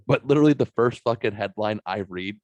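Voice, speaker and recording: A man's voice: on the low side, fairly quick, a little mellow, no echo, muffled recording. A man co-hosting a podcast, telling a rambling, profane story in casual banter. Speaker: podcast co-host.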